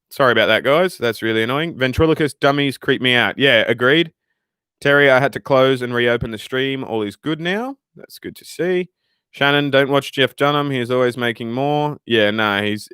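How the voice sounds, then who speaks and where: A man's voice: medium pitch, fairly bright tone, clean tone, no room sound, clean studio sound. Profane, rambling Australian man. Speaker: livestream host reading chat. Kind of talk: casual livestream chat.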